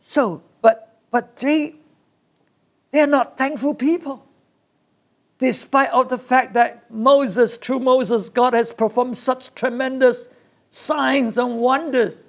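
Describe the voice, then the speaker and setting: Gravelly preacher delivering an emphatic sermon. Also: high-pitched, steady tone, slow pace. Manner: emphatic, repeats key phrases, speaks in short bursts.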